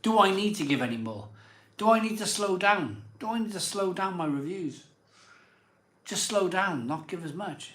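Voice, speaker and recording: A man's voice: high voice, animated, normal speed, fairly bright tone, roomy sound. A slightly drunk man, hosting a live beer show in rambling casual chat. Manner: rambling and self-doubting, many fillers and restarts. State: a bit drunk.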